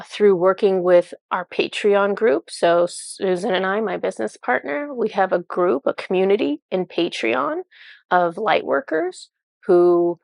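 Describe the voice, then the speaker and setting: A woman gives a spiritual energy forecast in a chatty, loose way, filling her talk with "like" and restarting her sentences. Her voice has a steady vocal fry. The recording is dry and close. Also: medium pitch, dry recording. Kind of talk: casual monologue to camera.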